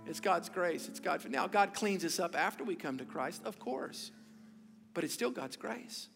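A man's voice: high-pitched, animated, measured pace, vocal fry, fairly bright tone. A man preaching a sermon as pastor in a church service, with emphatic repeated phrases and rhetorical questions. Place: church sanctuary during a service. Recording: long hall reverb with faint music.

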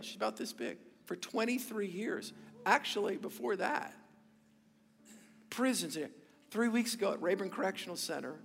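Man, pastor, emphatic sermon, high voice, long hall reverb, faint music. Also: expressive, moderate pace, gravelly, a bit bright. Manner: emphatic preaching with repeated phrases and rhetorical questions. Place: church sanctuary during a service.

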